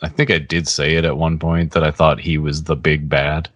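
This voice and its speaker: Very deep-voiced man chatting casually. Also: moderate pace, dry recording, highs cut off. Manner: relaxed, laughs often, trails off. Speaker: podcast co-host. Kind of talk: casual chat.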